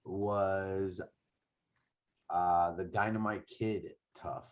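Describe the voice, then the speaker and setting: A man's voice: low voice, steady tone, very slow, lo-fi sound. A man co-hosting a podcast, blunt and insistent in casual banter. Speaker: podcast co-host.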